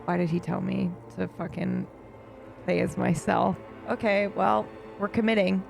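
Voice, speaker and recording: Chatty streamer with a creaky voice. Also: mid-range voice, little pitch movement, unhurried. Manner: chatty, reactive, swears casually. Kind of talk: casual let's play commentary. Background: faint game music.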